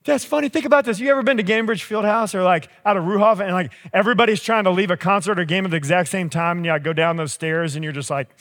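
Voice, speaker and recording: A man's voice: high voice, quick pace, few pauses. A man, preaching a sermon in a casual, storytelling way and acting out the people he quotes. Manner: conversational, animated, acts out quoted voices. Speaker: pastor. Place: large church auditorium. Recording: long hall reverb.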